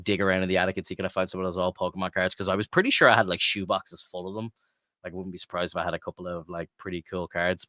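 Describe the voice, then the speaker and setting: An Irish man co-hosts a podcast in a casual, rambling chat packed with filler words and swearing. His voice is low and a bit bright, captured in a dry, clean studio recording.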